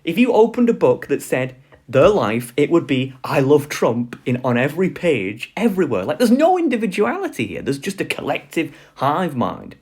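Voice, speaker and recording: A man lectures casually for an online video, his speech loose and filler-heavy and broken by frequent chuckles. His voice is husky, with a lively, swinging pitch. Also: normal speed.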